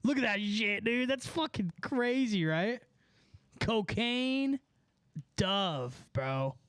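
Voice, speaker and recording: A young man rambling excitedly to his chat during a casual livestream, profane and full of filler words. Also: sits high, slow pace, clear, resonant tone, no room sound. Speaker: musician streaming to chat.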